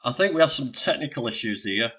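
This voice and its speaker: A man's voice: medium pitch, animated, fast talker, sharp tone, slightly rough. An older man with a Northern English accent hosting a casual live stream, chatting and joking with viewers while sorting out technical problems. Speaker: livestream host. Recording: dull lo-fi stream audio.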